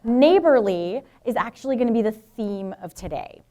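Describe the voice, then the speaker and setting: A woman's voice: on the high side, expressive, moderate pace, warm tone. A middle-aged woman from Brooklyn and New Jersey giving a public lecture as a professor, frank and informal, with asides to the audience.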